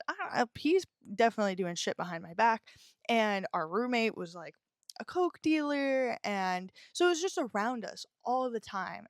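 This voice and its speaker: A woman's voice: mid-range voice, dry recording, clean studio sound. Candid young woman telling her story. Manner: candid, rambling, swears freely. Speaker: podcast host. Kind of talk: casual personal storytelling. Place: indoors while it rains outside.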